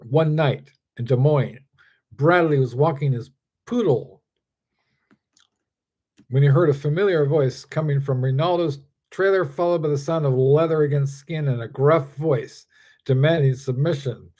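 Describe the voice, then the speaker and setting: Author reading his story aloud; fairly high, mellow male voice. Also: unhurried.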